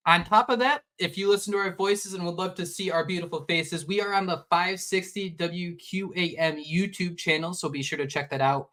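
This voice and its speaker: Animated podcast co-host man. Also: high voice, moderate pace, few pauses. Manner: animated, rambling with restarts. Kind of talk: casual sports podcast chat.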